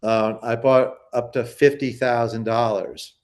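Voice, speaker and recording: A man's voice: mid-range voice, little pitch movement, a little slow, a little mellow. Rambling man telling a collecting story. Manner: rambling, full of restarts and acted-out quotes. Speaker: poster collector guest. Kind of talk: casual storytelling interview.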